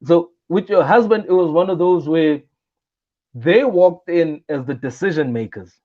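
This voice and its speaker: A man's voice: fairly high pitch, a little slow, dull audio. A young South African man, a comedian guest in an interview, telling stories animatedly and acting out the voices of the people in them. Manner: animated, acts out quoted voices. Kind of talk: casual interview storytelling.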